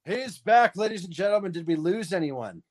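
A man's voice: high voice, lively intonation, moderate pace. A young man chatting as a guest on a casual movie stream, with an easygoing, joking manner. He laughs often and drops a dude or man into his lines. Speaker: guest co-host. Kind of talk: casual livestream chat.

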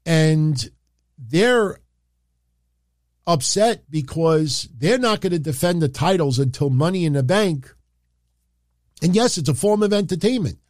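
A man's voice: fairly high pitch, lively intonation, unhurried, long pauses, dry recording. Opinionated New York man, dry sound. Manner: rambling and opinionated, many filler phrases. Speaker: wrestling commentary streamer. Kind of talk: casual opinion talk on a livestream.

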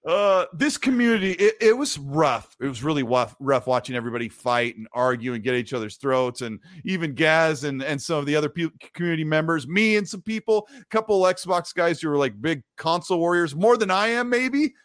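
A man's voice: on the high side, fairly quick, hardly any pauses, no echo, clean studio sound. A man hosting a casual gaming livestream, reading viewer messages aloud and laughing between stories. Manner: laughing, animated storytelling.

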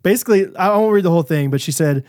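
Man co-hosting a podcast, casual, animated storyteller, fairly high voice, dry close sound. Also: no room sound. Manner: animated storytelling with quick asides. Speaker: podcast co-host. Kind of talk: casual chat.

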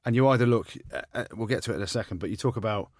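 Teasing low-voiced man talking rugby. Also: very fast, no echo, clean studio sound. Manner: animated, teasing banter, rising high when incredulous. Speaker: podcast co-host, former rugby player. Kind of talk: casual chat.

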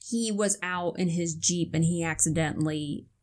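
A woman's voice: lowish voice, normal speed, darkish tone. A woman in her twenties with a Connecticut accent, chatting casually with lots of likes and restarts. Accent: Connecticut, American. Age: 20s. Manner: rambling, many likes and restarts. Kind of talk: casual chat.

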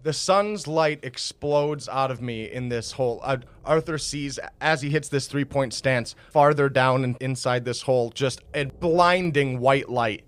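A man at a tabletop role-playing session, casually narrating what his character does. His voice sits at an ordinary middle pitch, and he has a relaxed, easygoing delivery. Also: unhurried, few pauses, no echo. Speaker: player.

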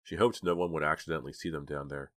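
Deep-voiced male audiobook narrator. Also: fast. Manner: steady, even storytelling. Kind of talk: scripted narration.

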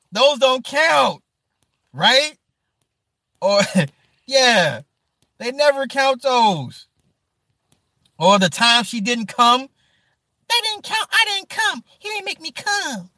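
A man hosting a livestream who chats casually with his viewers, animated and profane, laughing often and answering them by name. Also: medium pitch, no echo. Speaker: livestream host. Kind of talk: casual stream chat.

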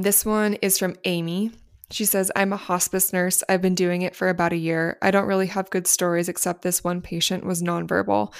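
Young woman co-host, lower voice, chatty and reactive, casual podcast reads. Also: clear, resonant tone. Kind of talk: casual chat, reading listener stories.

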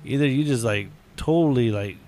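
A man's voice: medium pitch, a little fast, mellow. A man, co-hosting a casual podcast chat, rambling through anecdotes and laughing often. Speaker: podcast co-host.

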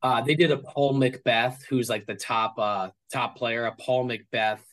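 A man in a relaxed interview, rambling as he talks. He stops and restarts his sentences and fills the gaps with ums and likes, in a voice of middling pitch. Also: a little slow, rough recording. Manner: rambling, full of fillers and restarts. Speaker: guest card collector. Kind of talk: casual interview chat.

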